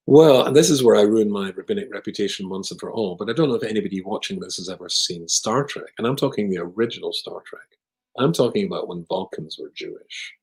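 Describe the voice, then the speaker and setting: A rabbi telling a humorous story with wry, self-deprecating jokes. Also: male voice, fairly low pitch, rough recording. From Scotland. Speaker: rabbi, guest speaker.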